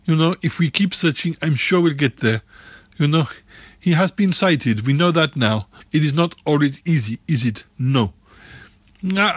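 A man's voice: a little high, husky, no echo. A man voicing an earnest, formal character who speaks in careful, uncontracted phrases. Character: earnest, formal male searcher.

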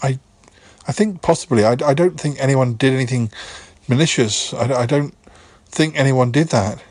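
A man with a husky voice speaking in a comic sketch, calm and soothing but stammering and hesitant. The recording is dry and close, with no room sound. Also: mid-range voice, normal speed, dry recording.

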